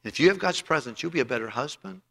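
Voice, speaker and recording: A man's voice: fairly high pitch, animated, quick pace, creaky, fairly bright tone. A man preaching a sermon as pastor, emphatic and storytelling, often restarting his phrases, in a church auditorium. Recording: long hall reverb.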